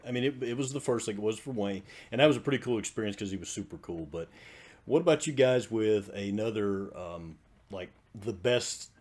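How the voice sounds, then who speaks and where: A middle-aged man hosts a relaxed podcast chat, steering the talk between guests. He keeps affirming the others and laughs along readily, in a low voice. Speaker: podcast co-host. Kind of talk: casual chat, moderating.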